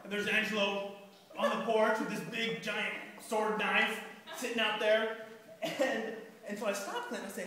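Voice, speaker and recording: A speech contest speaker telling a comic story live, animated and laughing along. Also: medium pitch, normal speed. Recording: echoey hall, far from the mic.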